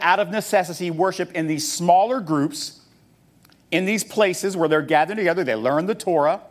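A male pastor preaching a sermon, asking rhetorical questions and reading scripture aloud as he teaches. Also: high voice.

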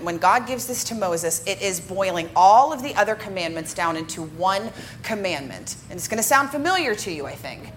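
A woman worship director giving a lively church teaching talk to a congregation, joking with them as she goes. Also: medium pitch, normal speed, slight background noise. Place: church sanctuary before a congregation.

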